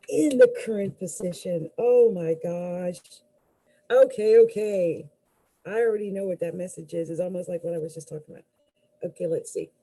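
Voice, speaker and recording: A woman's voice: fairly low pitch, normal speed, mellow, slight background noise, rough recording. A woman astrologer giving a live tarot reading, musing aloud with hesitant fillers and restarts and exclaiming in surprise as cards fall out.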